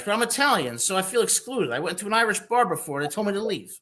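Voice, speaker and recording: Young male sports talk host from New Jersey, bright tense voice, boisterous joker. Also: sits high, quick pace. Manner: boisterous, jokey, animated storytelling. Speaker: podcast host.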